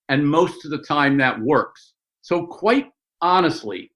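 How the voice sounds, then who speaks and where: An older male sportswriter, a guest in a conversational interview, tells stories in a mid-pitched voice over poor audio. He's animated, tossing in quick asides and mock voices.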